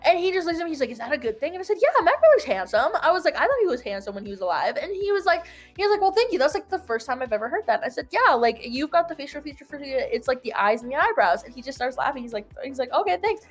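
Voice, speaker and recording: A woman's voice: high-pitched, rapid-fire, faint music behind. A young woman casually telling a long story, full of "like" fillers and acted-out quotes. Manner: rambling, filler-heavy "like", animated retelling. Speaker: host.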